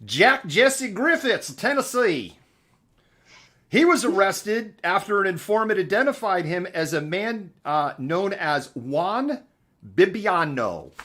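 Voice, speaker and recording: A man's voice: high-pitched, sing-song, takes it slowly, a bit bright. A man hosting a live news commentary show, chatting in a sarcastic, mocking way. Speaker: host.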